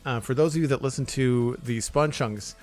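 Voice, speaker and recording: A man's voice: medium pitch, normal speed, darkish tone, faint music behind. Chatty man streaming a Lego build. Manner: friendly, chatty, thanks supporters by name. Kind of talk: casual live-stream chat.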